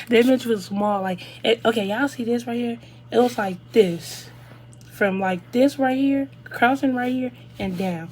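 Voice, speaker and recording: An eighteen-year-old woman, telling a casual storytime to viewers in an animated, chatty way. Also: fairly high pitch, a little slow, husky. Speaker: vlogger.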